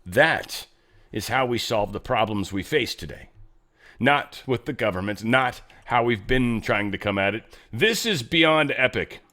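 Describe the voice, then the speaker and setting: A man's voice: mid-range voice, expressive, measured pace, sharp tone. A man hosting his own show, giving casual, loose commentary with many fillers and asides. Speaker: show host.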